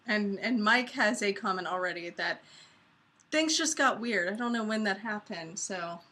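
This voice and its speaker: An upbeat woman co-hosting a live marketing video chat. Her voice is bright and clear. She keeps things moving and laughs easily. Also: mid-range voice, moderate pace. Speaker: co-host.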